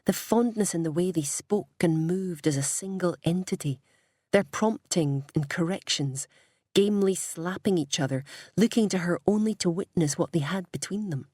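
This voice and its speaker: A woman's voice: on the low side, normal speed, a little mellow, no echo, studio quality. A woman narrating an audiobook, reading expressively and voicing each character.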